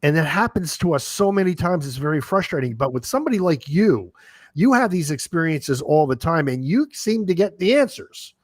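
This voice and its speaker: A man with a slightly high, sing-song voice hosts a podcast, speaking at a normal pace with no echo. He rambles through an interview chat, reacting and asking questions with lots of fillers like "you know."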